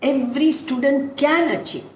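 A woman's voice: high voice, normal speed. An older woman, a dance guru animatedly telling stories from her own training and acting out what her teachers said. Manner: animated storytelling, acting out quotes. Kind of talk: reminiscing interview. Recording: echoey room with faint noise.

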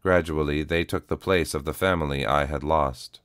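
Weary old cyborg soldier, formal and measured, very deep, dry studio sound, as a man reads him. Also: steady tone, fairly bright tone, no echo. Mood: solemn. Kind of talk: audiobook character voice.

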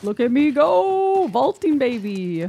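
A woman streaming a video game, reacting excitedly, cursing and laughing and yelping when startled. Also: high voice, slow, vocal fry, slightly rough. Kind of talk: live gameplay reactions.

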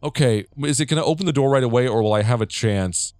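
A man's voice: medium pitch, fast talker, darkish tone, no echo, clean studio sound. A man from the United States giving rambling, profane let's play commentary, with jumpy reactions as he plays a horror game. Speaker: gamer.

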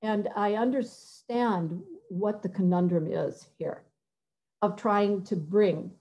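Halting woman composer with lo-fi sound. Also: medium pitch, mellow. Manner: halting, searching for words, sings short phrases to demonstrate. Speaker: composer giving a talk. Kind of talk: conversational talk with many fillers and restarts.

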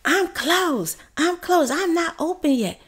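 A woman's voice: extremely high pitch, animated, slow, voice pushed up, full character voice. A woman mimicking a defensive, flustered male dentist who curtly repeats himself. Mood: dismissive.

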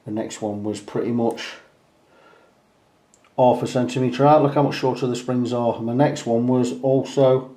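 A man's voice: mid-range voice, steady tone, normal speed, warm tone. A luthier talking casually and plainly in his workshop, rambling a bit with fillers. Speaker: luthier and guitar repairer. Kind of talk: casual workshop video talk. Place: guitar workshop indoors. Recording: roomy echoey workshop.

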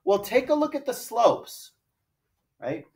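A man with a very high-pitched, sing-song, slightly mellow voice teaches a math class slowly, walking through each step and often asking rhetorical questions like "right?". The lecture is recorded from far off the mic in an echoey room.

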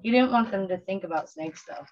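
A woman's voice: medium pitch, brisk, lo-fi sound. Woman teacher reading a storybook. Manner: gentle, expressive storytelling. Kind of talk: reading a picture book aloud to children.

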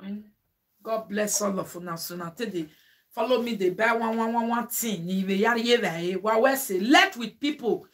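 A woman's voice: medium pitch, normal speed. A woman vlogger with a Nigerian Pidgin accent, talking casually and emphatically to her viewers with preachy asides. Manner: emphatic, exclaiming.

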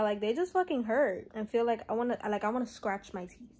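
A woman's voice: fairly high pitch, expressive, brisk, darkish tone. A young woman talking casually to camera about her days, blunt, slangy and swearing a lot. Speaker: vlogger. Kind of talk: casual vlog talk to camera. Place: at home.

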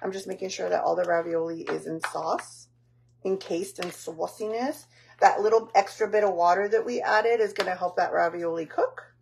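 With a fairly low, creaky, slightly mellow voice at normal speed, a woman vlogs a casual tutorial on a home recipe. She rambles, pokes fun at herself, and uses lots of fillers, over a little hiss or hum.

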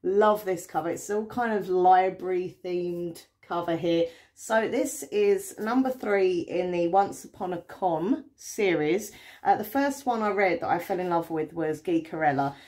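A woman's voice: fairly low pitch, measured pace, a little mellow. An English woman chatting to camera about her new books, rambling and enthusiastic with lots of fillers. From England. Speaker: book vlogger. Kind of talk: casual chat to camera.

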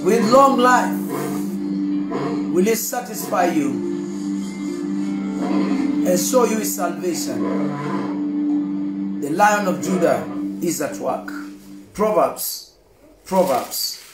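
Male preacher, very high voice, chanting prayer over loud music. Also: lively intonation, takes it slowly, long pauses. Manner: chanting, repetitive, impassioned declarations. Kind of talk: fervent intercessory prayer and scripture reading. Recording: echoey room with loud backing music.

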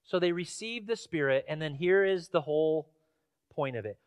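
A man from Washington State preaches in a church, his voice notably high. He tells stories in a relaxed, chatty way with ums and uhs, then presses emphatic questions. The sound is close and dry. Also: moderate pace, clean tone, dry recording. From Washington State, USA. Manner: conversational storytelling with fillers, rising to emphatic questions. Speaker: pastor. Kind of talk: sermon. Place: church sanctuary.

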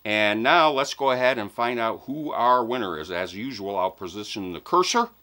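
A man's voice: fairly low pitch, expressive, moderate pace, sharp tone. A man hosting a weekly giveaway vlog, talking to viewers in a playful, enthusiastic, joking way. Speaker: host of a fishing channel giveaway. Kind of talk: upbeat casual vlog address to viewers.

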